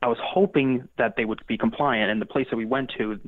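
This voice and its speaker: A man's voice: mid-range voice, fairly even intonation, fairly quick, no echo. A man as a paranormal investigator guest, talking casually and rambling, with many restarts and fillers. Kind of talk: casual interview talk. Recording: tinny phone-like line.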